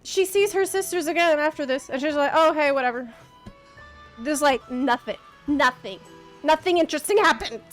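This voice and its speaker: A woman's voice: high-pitched, moderate pace, faint music behind. A woman streamer ranting to her chat, impassioned, exasperated and sarcastic by turns. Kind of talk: live-stream rant to chat.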